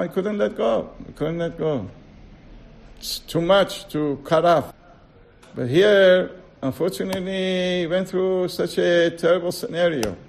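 A man teaching a Torah class, telling a parable in a halting, storytelling way and chuckling as he acts out the dialogue. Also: fairly high pitch, vocal fry, a little mellow. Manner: halting, fillers, slow and deliberate. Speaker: rabbi.

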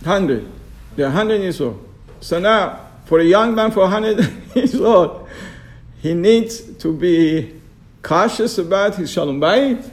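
High-voiced man giving a Torah class. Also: animated, slow. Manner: chuckling, asks rhetorical questions, acts out quoted excuses. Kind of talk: informal Torah lesson on radio.

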